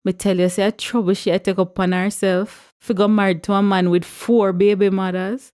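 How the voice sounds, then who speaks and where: A woman's voice: mid-range voice, level tone, normal speed, darkish tone, clear, resonant tone, close to an everyday voice. A woman reading aloud voices an amused young woman gossiping in a Jamaican accent.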